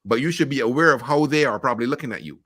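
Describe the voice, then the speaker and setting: Blunt middle-aged Caribbean man, bright voice. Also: medium pitch, lively intonation, racing, slight background noise. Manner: frank, blunt storytelling with swearing and jokes. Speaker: podcast guest, marketing executive. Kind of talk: casual interview chat.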